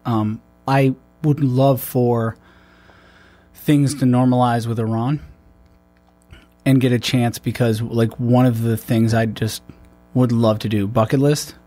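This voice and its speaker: A man's voice: medium pitch, fairly even intonation, slow pace, dark tone. A man, a military veteran, talking in a loose, rambling way with many restarts and fillers. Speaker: podcast host. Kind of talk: casual conversation.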